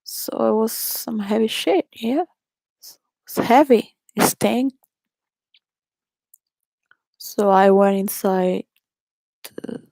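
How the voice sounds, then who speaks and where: A woman's voice: medium pitch, expressive, drawn-out words, vocal fry, pauses often, dark tone, no room sound, clean studio sound. A woman from Venezuela telling candid personal stories in a rambling way, laughing often and restarting her sentences.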